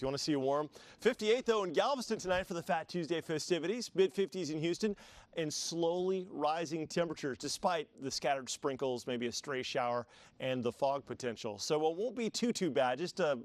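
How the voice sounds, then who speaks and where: A man delivering a live TV weather forecast in a chatty, upbeat way, with easy asides to his colleagues. His voice sits a little high for a man. The studio sound is dry and close. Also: no echo. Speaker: TV meteorologist.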